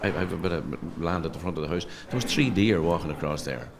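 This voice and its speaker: Speaking quickly in a low, expressive voice, a middle-aged Donegal-accented Irishman guests as a comedian on a casual interview. He stumbles over repeated words while telling anecdotes, and there's noise in the background.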